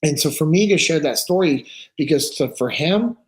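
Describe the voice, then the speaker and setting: Speaking at a moderate pace with a fairly high pitch, a man chats on a podcast. He's an animated storyteller who tells his tales earnestly and impersonates the people whose words he quotes.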